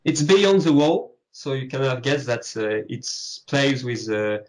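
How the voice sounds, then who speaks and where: A man with a French accent, a French native speaker, answering as an interview guest and pausing to search for English words. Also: mid-range voice, darkish tone, low-quality recording. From France. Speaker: guest, comic artist.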